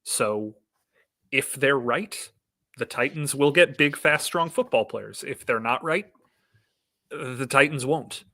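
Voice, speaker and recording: A man who is a sports reporter, talking casually with wry, deadpan humor. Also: mid-range voice, slow pace, no echo.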